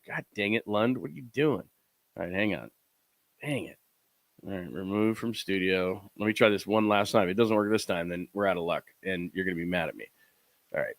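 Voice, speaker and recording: Sports talk host, male, bright and pushy tone, loose rambling delivery with quick impressions, dry close sound. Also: on the low side, no echo. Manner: rambling, fumbling with clips, mimics players and coaches. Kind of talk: casual live-stream commentary over video clips.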